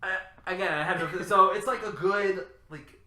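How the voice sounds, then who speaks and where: A man co-hosting a casual gaming chat, excitable and jokey, laughing often. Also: high-pitched, moderate pace. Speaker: podcast co-host. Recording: echoey room.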